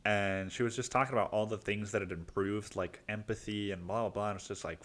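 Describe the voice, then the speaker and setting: A man's voice: fairly low pitch, steady tone, brisk, hardly any pauses, fairly bright tone. A man from Mexico hosting a solo podcast, rambling casually, swearing a lot and calling the listener dude. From Cancun, Mexico. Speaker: podcast host.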